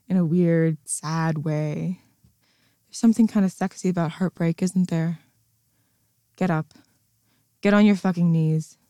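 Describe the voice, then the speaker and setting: A woman's voice: lowish voice, dark tone, no room sound, clean studio sound. A woman performing an adult audio role-play in a mocking, commanding manner, breaking into scornful laughs.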